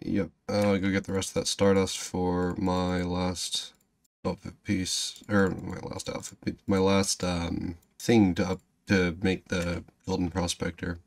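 A man's voice: level tone, a little slow, vocal fry. Swearing man ranting over gameplay. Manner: profane, swings from low muttering to loud ranting; sarcastic self-talk. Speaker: gaming channel host. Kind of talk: gameplay commentary.

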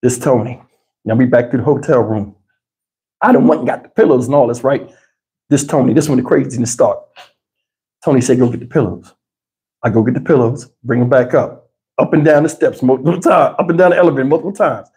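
A man hosts a livestream on a lapel mic, telling a story in a loose, animated way. His talk is salty and full of laughs. His pitch sits in an ordinary middle range. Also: a little fast. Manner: animated, profane, laughs often. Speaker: livestream host. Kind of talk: casual storytelling. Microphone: wireless lapel mic.

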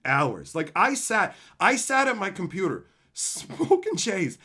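A male YouTuber telling a story in a lively, swooping voice that sits a little higher than most men's. He swears constantly and slips into mocking voices for old online fights. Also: slow pace, husky. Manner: profane, animated, acts out quoted insults. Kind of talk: casual storytelling rant.

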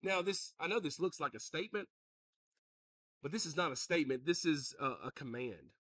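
A pastor preaching a sermon, joking with the congregation and calling out to them. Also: male voice, on the high side, moderate pace, dry recording, far from the mic. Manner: joking, animated, calls out to the congregation.

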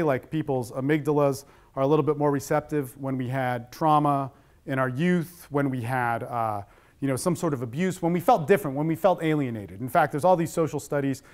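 A man's voice: medium pitch, darkish tone. A middle-aged man giving a talk on addiction with slides, speaking bluntly and conversationally with plenty of swearing.

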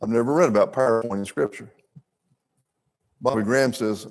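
A man's voice: lowish voice, fast talker, pauses often, a little mellow. Older man teaching a church Bible class. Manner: earnest, folksy, asides to the audience.

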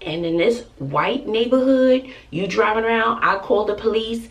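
A gravelly-voiced woman in her forties with a Texan accent vents to her vlog audience, emphatic and exasperated. Her voice sits a bit back from the microphone, with a rough fry running through it. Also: fairly high pitch, moderate pace, distant mic. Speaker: family vlogger. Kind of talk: venting to camera.

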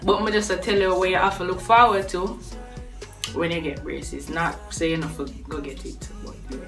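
Chatty Jamaican woman vlogging, low voice. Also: steady tone, normal speed, a bit bright, recorded from a distance. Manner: chatty, laughs between points. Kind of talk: casual talk to camera. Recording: voice a bit off-mic with faint music behind.

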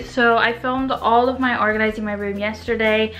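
Young British woman, bright higher voice, chatty bedroom vlogger, phone camera. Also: fairly even intonation, moderate pace, hardly any pauses. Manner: chatty, upbeat, rambling. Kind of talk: casual vlog chat.

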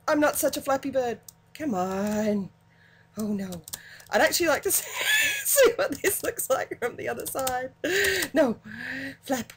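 A woman giving excitable, giggly let's play commentary, cheerfully cursing at the game. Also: on the high side, measured pace, long pauses, slight background noise. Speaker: gaming channel host.

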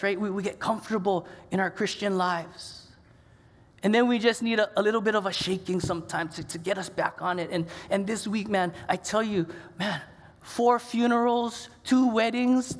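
A man's voice: high-pitched, moderate pace. Male pastor, casual sermon delivery, stumbling repeats, echoing church hall. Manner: conversational, repeats words, animated. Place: church sanctuary. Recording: long church reverb.

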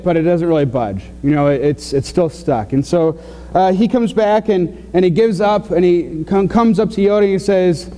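A pastor with a fairly high, warm, mellow voice preaches a sermon loosely and conversationally, stumbling over his words with many "uh"s and restarts. His voice rings through a church sanctuary with a long reverb tail.

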